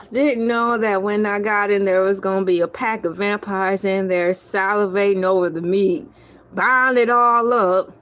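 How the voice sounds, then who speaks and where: A woman's voice: mid-range voice, steady tone, unhurried, fairly bright tone. A woman vlogger telling a comic story in a casual, theatrical way, talking straight to her viewers. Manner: theatrical, playful, addresses viewers as y'all.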